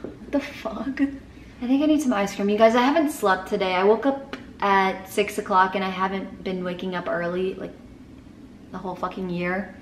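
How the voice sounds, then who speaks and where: In this casual vlog, a young woman rambles to herself indoors at home as she gets ready, cursing without restraint in a chatty way. Her medium-pitched voice has fairly even intonation and a normal pace, and the roomy recording carries a faint hiss or hum.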